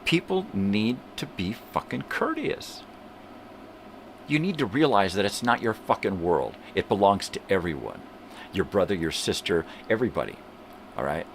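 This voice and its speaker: A man's voice: lowish voice, very animated, normal speed, slight background noise. An older man hosting a morning livestream from home, ranting heatedly with lots of swearing and mocking impressions of other people. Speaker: host. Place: home room with a fan running.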